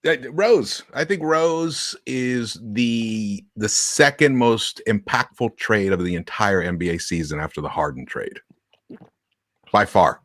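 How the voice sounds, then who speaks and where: A man talks sports with lots of pitch movement and plenty of energy, laughing easily and stumbling as his thoughts run ahead. His voice sounds dry and close to the mic. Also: measured pace, dry recording. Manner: animated, laughs easily, stumbles over words. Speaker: podcast panelist. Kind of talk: casual sports discussion.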